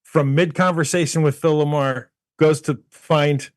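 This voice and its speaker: Man telling animated stories on a podcast. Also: a little high, measured pace, no room sound, clean studio sound. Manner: animated anecdote teller who mimics people. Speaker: podcast co-host. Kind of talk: casual chat, storytelling.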